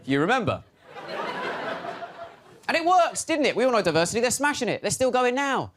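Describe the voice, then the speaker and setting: Animated male stand-up comedian. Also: extremely high pitch, a little fast, background noise. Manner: animated, swings into loud shouted impressions.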